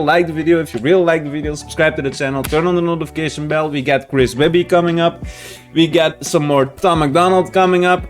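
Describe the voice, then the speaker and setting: Laid-back swearing reaction host man. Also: fairly high pitch. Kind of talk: casual reaction commentary.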